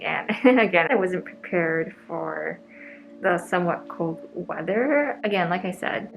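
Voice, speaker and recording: A woman's voice: lowish voice, vocal fry, rough recording. A young woman in a casual vlog, chatty and rambling, laughing often as she talks to her handheld camera. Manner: chatty, giggly, rambling with many "like"s. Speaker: vlogger. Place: outdoors in rain and wind, then indoors at home.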